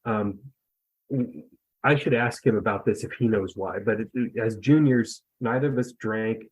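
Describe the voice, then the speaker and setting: A man's voice: lowish voice, a little slow, husky, rough recording. A man in his fifties from the US West Coast, a podcast guest telling a story in a rambling, self-deprecating way. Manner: rambling, self-deprecating, many fillers and restarts. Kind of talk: casual storytelling.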